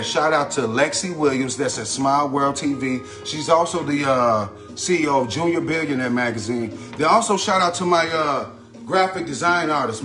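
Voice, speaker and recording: A man's voice: mid-range voice, fairly bright tone. A man hosting a casual cooking livestream, greeting viewers by name in a chatty, repetitive way. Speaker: cooking channel host. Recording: faint background music. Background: background music.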